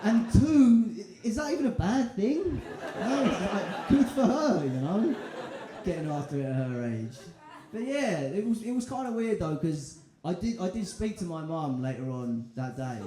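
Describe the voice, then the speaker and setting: Young male stand-up, casual and crude, slightly high voice, live club sound with echo. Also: big pitch swings, normal speed, background noise. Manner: chatty, loose, crude, lots of fillers. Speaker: stand-up comedian. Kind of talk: stand-up set. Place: comedy club in front of a live audience. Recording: echoey club room with audience laughter.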